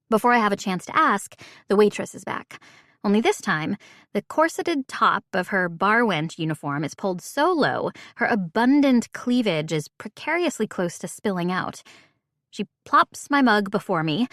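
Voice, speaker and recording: A woman's voice: medium pitch, dry recording, studio quality. Woman narrating a first-person novel. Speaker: audiobook narrator.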